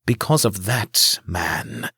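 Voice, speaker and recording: A man's voice: low-pitched, animated, sharp tone, husky, no room sound, clean studio sound, full character voice. A man doing a haughty royal heir. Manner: slow, haughty.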